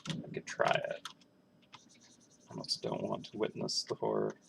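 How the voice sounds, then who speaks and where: A man's voice: very deep voice, very animated, normal speed, creaky, noisy background. A man who is a game artist, thinking aloud in a musing, self-questioning way as he draws on a livestream. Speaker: game artist streaming his work.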